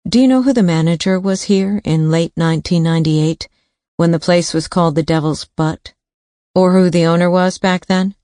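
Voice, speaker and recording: A woman narrator voicing a composed female police sergeant who asks measured, probing questions. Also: fairly low pitch, warm tone, no echo, studio quality, natural voice.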